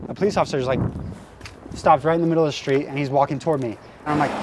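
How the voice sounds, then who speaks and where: A man, a guest storyteller, excitedly recounting events on a residential street, peppering his talk with "like" and "right". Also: fairly high pitch, fast talker. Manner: excited, restless, with many likes and rights. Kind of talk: animated storytelling on location. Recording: outdoor street noise.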